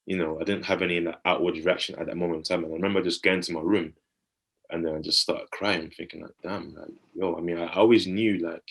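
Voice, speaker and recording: A man in his thirties with a deep, low voice tells a personal story on a casual podcast. He talks in an earnest, reflective way. He keeps asking whether the listener follows him. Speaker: podcast co-host.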